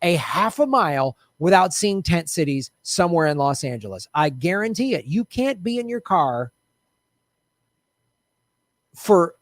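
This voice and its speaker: A man's voice: high voice, no room sound. A man ranting about politics with a raised, frustrated voice and a sarcastic edge. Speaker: political commentator. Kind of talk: ranting monologue.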